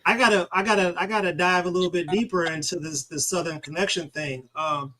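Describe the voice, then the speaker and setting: A man who grew up in Michigan, co-hosting a casual interview show and talking in a relaxed way, often repeating words as he starts. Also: sits high, fairly quick, rough recording. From born Arkansas, raised Michigan, USA. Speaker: podcast co-host, military veteran.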